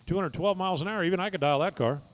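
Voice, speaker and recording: A man's voice: high-pitched, very fast. A man giving live drag racing commentary, reading times and speeds with folksy, joking asides.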